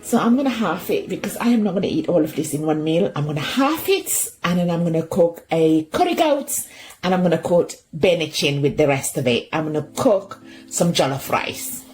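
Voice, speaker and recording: A woman rants into her phone about what things cost now, exasperated, forever exclaiming, her voice always near tears. Her pitch swoops up and down wildly and never settles. Faint music plays underneath. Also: expressive, normal speed, a little mellow. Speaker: shopper. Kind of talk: ranting social media vlog.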